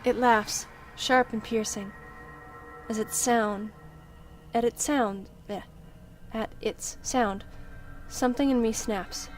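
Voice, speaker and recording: A woman's voice: a little high, fairly even intonation, takes it slowly, faint music behind. A woman reading the first-person narration of a story game aloud, dramatic and tense, with the odd slip. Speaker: let's-play reader.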